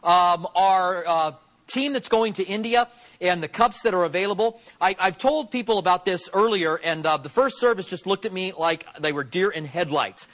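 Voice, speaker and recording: A man with a high-pitched voice delivers a sermon to his church. He preaches in a relaxed, conversational way, with small fillers and restarts. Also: normal speed. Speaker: pastor.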